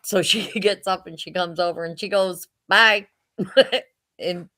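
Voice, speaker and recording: An older woman in her sixties, deep for a woman, telling a family story in a loose, chatty way. She often laughs mid-sentence while she talks. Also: steady tone, measured pace, a bit bright. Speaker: mother telling family stories. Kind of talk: casual storytelling.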